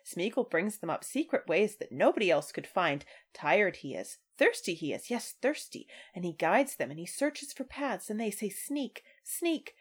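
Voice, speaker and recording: A woman's voice: mid-range voice, very animated, moderate pace, few pauses, husky, voice pushed up. A woman voicing a wretched old male creature, whiny and sing-song, repeating words with a sneer as she reads aloud on a casual podcast. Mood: bitter mocking.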